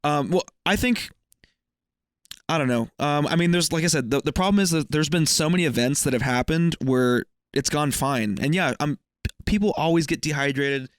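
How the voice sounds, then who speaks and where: A young man co-hosting a casual comedy podcast with a sarcastic, profane, laid-back delivery. His voice sits a little higher than most men's. The recording is dry and close-miked. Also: moderate pace, no room sound. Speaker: podcast co-host.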